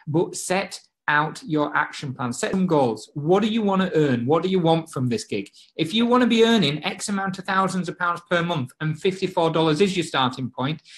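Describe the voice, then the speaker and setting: A man with a British accent co-hosting a live marketing stream, chummy and encouraging as he gives viewers their next steps. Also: fairly high pitch. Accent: British English. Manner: chummy and encouraging, says mate. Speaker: co-host of a marketing webinar. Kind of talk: casual live-stream sales talk.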